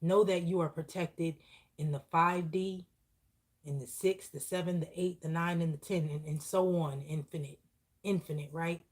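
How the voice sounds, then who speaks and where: A woman with a somewhat low voice delivers a live channeled spiritual message, earnest and repetitive, often checking in with the listener. She sounds close to tears throughout. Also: fairly even intonation, moderate pace, darkish tone. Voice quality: emotional, heartfelt delivery. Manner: earnest, repetitive, preaching with frequent "okay?".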